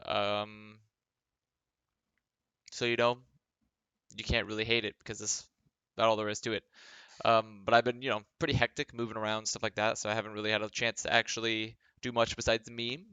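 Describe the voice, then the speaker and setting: Young man, tired, low-ish voice with a bright edge, rambling vlog talk with dry sarcasm. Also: level tone, fairly quick, clean tone, no room sound, dull audio. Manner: rambling, filler-heavy, dryly sarcastic. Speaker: former esports pro player and commentator. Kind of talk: casual monologue vlog. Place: home workspace.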